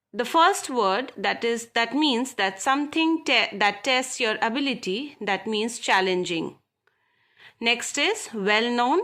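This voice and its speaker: Slow, bright-voiced teacher. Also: female voice, a little high. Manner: deliberate, repeats words and addresses the children directly. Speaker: school English teacher. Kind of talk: slow classroom lesson explaining textbook exercises.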